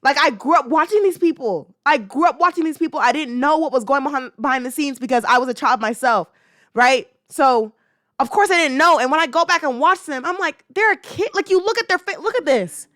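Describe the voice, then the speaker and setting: A woman's voice: high-pitched, fairly quick, a bit bright, dry recording, studio quality. A young woman hosting a casual talk show, talking in a heated, emphatic way with slang and lots of repetition. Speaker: podcast host. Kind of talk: casual commentary.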